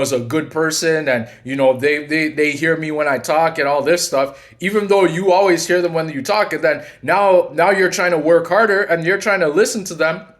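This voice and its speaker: A man's voice: fairly high pitch, a bit bright. A man hosting his own channel, talking in a loose, rambling way with many restarts and "you know"s. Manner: acts out quoted lines in his telling. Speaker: channel host and coach. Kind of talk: casual monologue.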